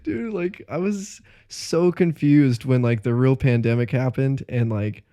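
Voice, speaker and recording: A young man co-hosting a podcast in relaxed chat, laughing often and drifting into jokes. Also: medium pitch, unhurried, dry recording, clean studio sound. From United States. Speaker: podcast co-host. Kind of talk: casual chat.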